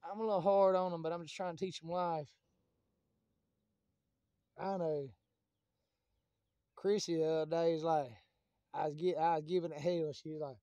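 Man vlogger, high mellow voice, loose profane rambling. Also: steady tone, normal speed, pauses often, clean tone, dry recording, lo-fi sound. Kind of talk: casual rambling monologue to camera.

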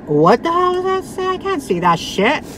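A woman's voice: extremely high pitch, very animated, background noise. A woman in her thirties chatting casually about her thrift finds, blunt and full of "like" fillers. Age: 30s. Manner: chatty and blunt, many "like" fillers, quick laughs. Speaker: vlogger. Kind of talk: casual thrift haul chat.

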